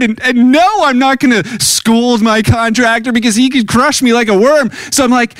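A man's voice: extremely high pitch, moderate pace, hardly any pauses, fairly bright tone, dry recording, low-quality recording. A middle-aged male pastor giving a conversational sermon, often restarting phrases and acting out quoted voices.

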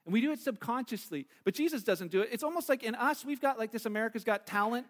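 High-voiced man preaching in a reverberant hall. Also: animated, quick pace. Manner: conversational, acts out the people in the story. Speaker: pastor. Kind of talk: sermon.

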